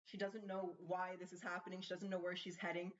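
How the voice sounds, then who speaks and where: This tarot reader talks fast, her low voice showing little pitch movement, as she chats and thinks aloud while questioning the cards in a casual reading. The lo-fi recording is slightly dull.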